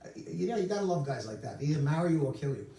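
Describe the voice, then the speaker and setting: A man's voice: a little high, sing-song, very fast, creaky, over a noisy crowd. A male rabbi preaching a sermon in a synagogue sanctuary, telling stories with humorous asides, heard from a distance in the room. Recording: roomy sanctuary from far off.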